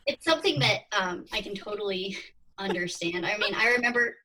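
A woman's voice: medium pitch, animated, fairly quick, bright, forceful tone, a little hiss or hum. A woman in her thirties, a podcast guest, chatting through her story and acting out her own past thoughts. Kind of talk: casual interview storytelling. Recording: distant from the mic.

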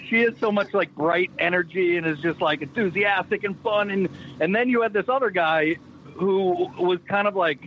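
A man's voice: high voice, normal speed, muffled recording, slight background noise. A man from Boston, a guest on a podcast, telling stories animatedly and swearing freely in casual chat. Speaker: guest, show creator.

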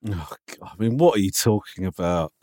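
Male co-host, expressive mid voice, dry sound, skeptical and teasing. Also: low voice, a little fast, no room sound. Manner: teasing, skeptical, stammers at sentence starts. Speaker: podcast co-host. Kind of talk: casual chat.

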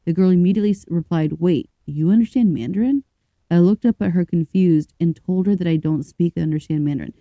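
A woman co-hosting a podcast, chatting casually, reading stories aloud and thinking out loud with fillers and restarts. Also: fairly low pitch, fairly even intonation, fast, few pauses, dry recording, dull audio. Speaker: podcast co-host.

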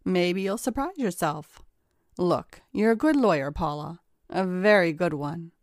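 A woman reading as a brisk, firm male judge. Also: on the low side, animated, no room sound, studio quality.

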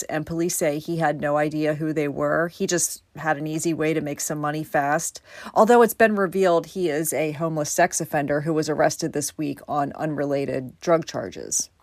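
A woman's voice: low-pitched, dry recording. A woman hosting a true crime podcast, telling the story in a conversational way with casual asides. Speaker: podcast host.

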